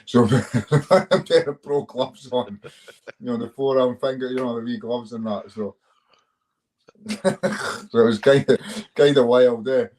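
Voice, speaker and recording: A man's voice: medium pitch, measured pace, long pauses, darkish tone. A man with a Scottish accent, an MMA fighter telling stories in a casual interview, swearing freely and chuckling as he goes. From Scotland. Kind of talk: casual storytelling chat.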